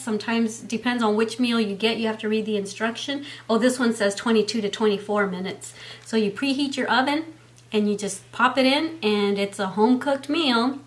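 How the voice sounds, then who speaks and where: A woman, chatting heartfelt to camera at home with frequent "um" fillers. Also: a little high. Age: 50s. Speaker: beauty and health vlogger. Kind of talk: casual chat to camera.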